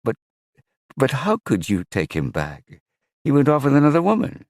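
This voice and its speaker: A man's voice: low voice, very animated, moderate pace, gravelly, no room sound, studio quality, pitched above the performer's own voice, full character voice. A man voicing a troubled father who pleads insistently to see his son, in an audiobook. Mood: pleading.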